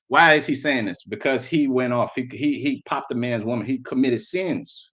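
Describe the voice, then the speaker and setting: A man gives a sermon in a mid-pitched voice. He reads old-style scripture verses aloud. Then he breaks into blunt, slangy commentary, repeating himself as he drives a point home. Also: normal speed, few pauses, a bit bright. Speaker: preacher.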